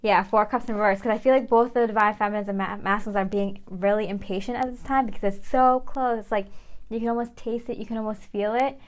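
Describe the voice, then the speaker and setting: A woman's voice: mid-range voice, fairly even intonation, fast. A woman giving a casual tarot reading, chatty and filler-heavy, over faint background music. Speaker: tarot reader.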